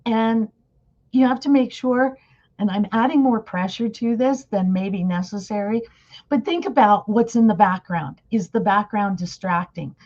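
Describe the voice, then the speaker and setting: A woman's voice: medium pitch, unhurried, darkish tone. Chatty woman presenting over muffled audio. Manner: chatty, asks the audience questions. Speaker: conference presenter. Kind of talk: casual webinar talk.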